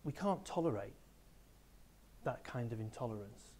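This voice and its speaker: A man's voice: medium pitch, animated, normal speed, darkish tone, breathy edge. A man quoting a blunt, stern barman. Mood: explaining. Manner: blunt, firm orders. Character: stern male pub barman.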